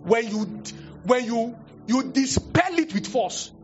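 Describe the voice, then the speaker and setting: Young Nigerian pastor, sermon, high voice swinging wide, dull lo-fi capture. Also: male voice, takes it slowly, music in the background. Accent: Nigerian, Yoruba-speaking. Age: young adult. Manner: animated storytelling, acting out voices, sudden high exclamations.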